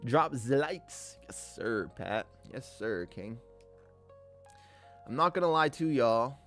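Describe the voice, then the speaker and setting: A relaxed man streaming his trading session, mid-pitched and easygoing, cheerfully calling out names from the chat between chart notes. Faint music plays behind him. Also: takes it slowly. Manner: laid-back, upbeat, greets chatters as king and brother. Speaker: live-streaming day trader. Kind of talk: live trading commentary with chat shout-outs.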